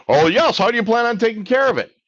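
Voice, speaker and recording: Guy doing a smug pushy debt collector, higher sing-song phone voice, dull dry sound. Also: sing-song, fast talker, a bit bright, no echo, exaggerated voice.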